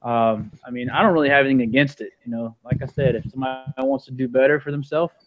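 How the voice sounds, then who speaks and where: A man's voice: medium pitch, fast talker, narrow, tinny audio. A man speaking thoughtfully and hesitantly, with many fillers, in a casual online group chat. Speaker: chat participant.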